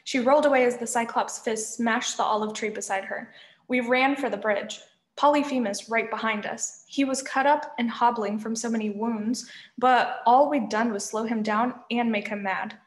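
A woman reading a novel aloud, narrating in a lively first-person voice, in an echoey room. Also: a little high, normal speed. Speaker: reader.

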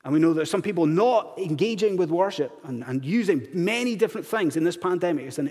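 A man's voice: fairly high pitch, expressive, fairly quick, hardly any pauses, a little mellow, breathy edge. A man preaching a sermon in a church, asking the congregation one earnest rhetorical question after another. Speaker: pastor. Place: church sanctuary. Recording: long hall reverb in church.

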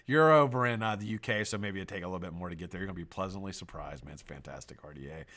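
A middle-aged man hosting a live stream, greeting viewers by name with loud shout-outs, swearing and joking. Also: low voice, racing. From United States. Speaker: host.

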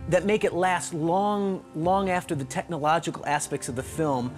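An eloquent man speaking emphatically in an interview, his voice a little higher than most. Faint music sits under him. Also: moderate pace. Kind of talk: interview commentary on film.

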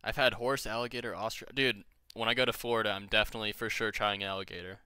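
Young man, low-ish voice, bright and smooth, dry close sound, rambling profane gaming chatter. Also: steady tone, fast, no echo. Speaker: gamer streaming with friends. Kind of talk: casual gaming chat.

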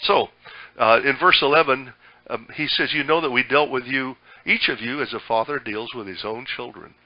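A man's voice: mid-range voice, moderate pace, no room sound, highs cut off. An older man preaching a sermon as pastor, folksy and conversational, with many fillers and restarts.

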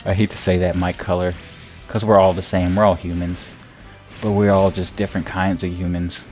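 Low-voiced young male streamer, loose and rambling, quick to laugh, soft game music behind. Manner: rambling, repeats words, laughs often, gets loud and excited when hit. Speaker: gameplay streamer. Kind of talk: casual gameplay commentary.

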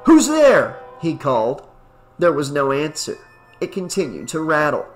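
A man giving a steady audiobook narration of a horror story. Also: fairly high pitch, moderate pace, faint music behind.

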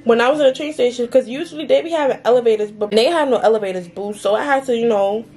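A woman's voice: a little high, quick pace, darkish tone, soft background music. Profane, fired-up young woman vlogger. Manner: heated, profane ranting with lots of "like" and "mind you". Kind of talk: casual storytime vlog.

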